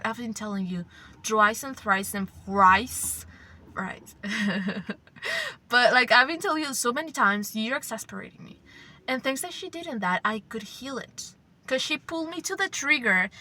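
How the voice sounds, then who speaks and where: A woman's voice: on the high side, sharp tone. A young woman hosting her own channel, chatting casually in a rambling, profane, effusive way that sometimes drops into a whisper. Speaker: channel host. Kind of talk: casual chat.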